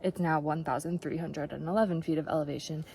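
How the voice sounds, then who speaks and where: A young woman narrates a casual hiking vlog on a mountain trail, upbeat and talkative to camera while short of breath. Her deep voice is warm and creaky, quick-paced with fairly even intonation; music plays underneath and there's a little hiss or hum.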